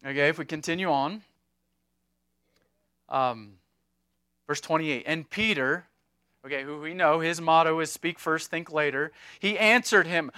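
A man preaching a sermon in an animated, conversational way, with asides and humor. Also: fairly high pitch, normal speed, pauses often, no room sound, studio quality. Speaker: pastor.

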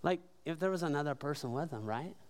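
Pastor, male, high voice, conversational yet emphatic preaching style. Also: lively intonation, fast talker. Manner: conversational and emphatic, with rhetorical questions. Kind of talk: sermon.

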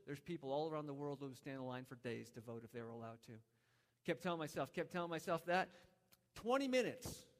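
Pastor, male, 30s, slightly higher voice, earnest storytelling sermon, long hall reverb. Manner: storytelling, earnest, with many restarts.

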